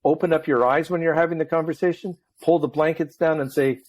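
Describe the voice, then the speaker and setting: A middle-aged man hosting a podcast, telling stories in talkative, animated casual chat. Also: a little high, brisk. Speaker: podcast host.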